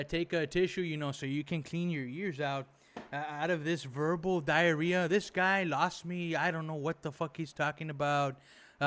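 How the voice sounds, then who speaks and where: This reaction video host has a clear, resonant voice that's on the high side and a bit bright. He rambles through exasperated, indignant commentary, using many fillers and swearing freely.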